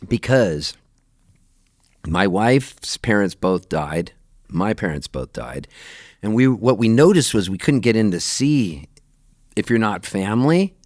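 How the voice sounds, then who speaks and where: A middle-aged man telling lively anecdotes in a radio interview, laughing often and jumping his voice up high when he quotes himself. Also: unhurried, no room sound, clean studio sound. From Canada, raised in Southern California. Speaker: touring musician, guest. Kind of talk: animated storytelling in a radio interview.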